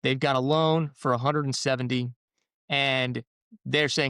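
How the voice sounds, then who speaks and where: A man's voice: medium pitch, steady tone, measured pace, a bit bright, clean tone, dry recording, studio quality. A man in the mortgage business explaining home deals in casual podcast chat, rambling with restarts. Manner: rambling, restarts, acts out buyer and seller quotes. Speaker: mortgage professional.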